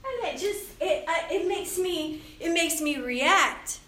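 A woman in her fifties giving a casual Christian talk to young people, chatty and animated, often laughing and acting out the voices in her head. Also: very high voice, takes it slowly. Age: 50s. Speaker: youth speaker. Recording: roomy, distant hall mic with faint ambience.

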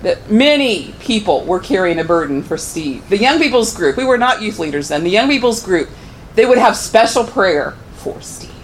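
A woman's voice: sing-song, moderate pace, slight background noise, poor audio. A middle-aged woman giving a personal testimony in church, telling her story earnestly. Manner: earnest storytelling, pitch rising when moved.

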